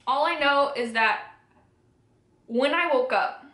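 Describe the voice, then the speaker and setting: A woman's voice: sits high, takes it slowly, bright, forceful tone. A young woman vlogger telling a personal story to camera, candid and emotional, swearing freely. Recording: roomy echoey room.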